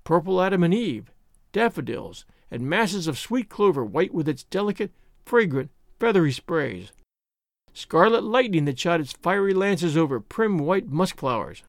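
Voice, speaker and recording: A man narrating a classic novel as an audiobook, in an expressive storytelling manner. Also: high-pitched, moderate pace, dry recording, clean studio sound. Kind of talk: scripted narration.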